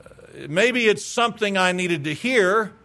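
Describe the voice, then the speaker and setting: Middle-aged male pastor, high-pitched, emphatic sermon delivery that acts out quoted replies. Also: lively intonation, a little slow, bright, forceful tone.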